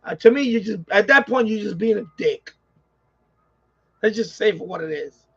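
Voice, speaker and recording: Gravelly high-voiced New York man venting. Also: animated, normal speed, highs cut off. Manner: exasperated, repetitive venting. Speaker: ham radio streamer. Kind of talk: casual live-stream rant.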